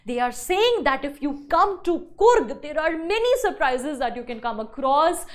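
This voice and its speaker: A woman with an Indian English accent gives an online English lesson in a high, light voice. She explains each point by restating it in new words and leans on "you know" as she goes. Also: big pitch swings, measured pace. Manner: explains by repeating and rephrasing, many "you know" fillers. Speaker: English teacher. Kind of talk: online class lecture.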